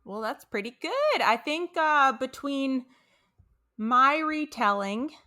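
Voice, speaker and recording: A woman's voice: high-pitched, very animated, takes it slowly, bright, forceful tone. A young woman co-hosting a podcast, chatting casually about a cartoon episode and reading out quotes from her notes. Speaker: podcast co-host.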